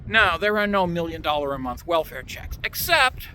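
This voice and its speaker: Speaking at normal speed in a sharp, sing-song voice on the high side, a man from Canada rants to the camera about politics, with a little hiss or hum in the recording. This commentator's solo monologue is sarcastic and mocks those he opposes.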